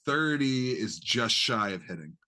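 A man's voice: mid-range voice, unhurried. A man running a tabletop game as game master, explaining rules and narrating the enemy's moves. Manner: animated, explains rules, voices reactions.

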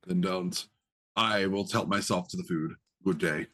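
A man voicing a solemn, ancient male undead blood-drinker in a tabletop game, speaking gravely and slowly. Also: low voice, big pitch swings, a bit bright, exaggerated voice. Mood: curt. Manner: grave, measured.

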